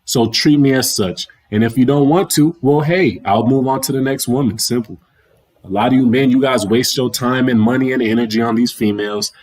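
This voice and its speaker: A man's voice: mid-range voice, fairly quick, darkish tone. A young adult man hosting a livestream, talking in a loose, slangy rant that keeps circling back over the same points. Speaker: livestream host. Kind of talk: casual ranting monologue. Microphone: livestream mic.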